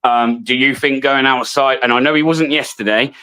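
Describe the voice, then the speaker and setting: Man as a stream panel guest, measured arguer, average-pitched everyday voice. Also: fairly even intonation, bright, forceful tone, clear, resonant tone. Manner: measured, argumentative, says "bro". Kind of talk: casual panel chat.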